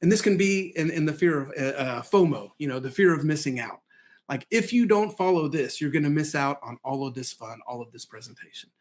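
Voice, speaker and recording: A man's voice: a little high, lively intonation, brisk. A middle-aged man giving a casual presentation lesson, telling folksy stories and acting out quoted voices. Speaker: presentation skills trainer.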